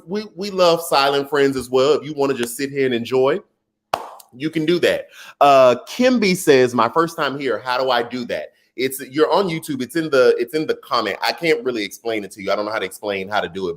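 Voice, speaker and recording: Livestream host, man, lively swooping delivery, playful banter. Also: medium pitch. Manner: animated, playful, church-style joking with viewers. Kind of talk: casual livestream chat reading comments.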